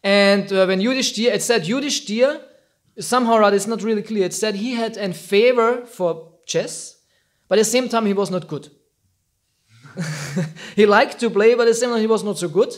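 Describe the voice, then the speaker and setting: High-voiced man telling an animated story. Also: moderate pace. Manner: animated, acts out quotes, laughs often. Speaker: teacher giving a talk. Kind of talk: informal storytelling talk.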